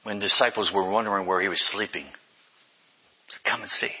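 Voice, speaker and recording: Older male pastor, emphatic sermon delivery with refrains; husky tone, muffled hall recording. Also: fairly low pitch, moderate pace. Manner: emphatic, with repeated refrains and self-corrections.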